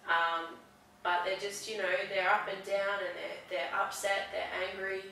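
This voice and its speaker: A woman talking haltingly as a client in a counselling session, with many restarts. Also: mid-range voice, flat delivery, creaky, sharp tone, slight background noise. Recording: echoey room, far from mic.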